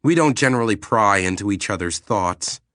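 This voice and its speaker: A man voicing an exasperated, sardonic human starship captain who is quick to grumble. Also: on the low side, animated, a bit bright, no room sound, studio quality. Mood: dry.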